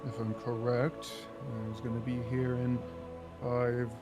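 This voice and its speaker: A man's voice: mid-range voice, completely flat delivery, a little slow, music in the background, natural voice. A man voicing a composed college official who talks in a dry, matter-of-fact way.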